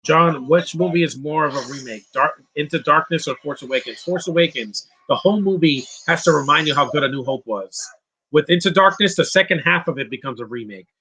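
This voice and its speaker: A man hosts a casual live commentary over a film, answering viewer questions in a loose, opinionated ramble. His voice is bright and forward with a husky edge. He sits a little higher in pitch than most men. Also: brisk. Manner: rambling with frequent restarts and laughs. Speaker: host of a live movie commentary stream.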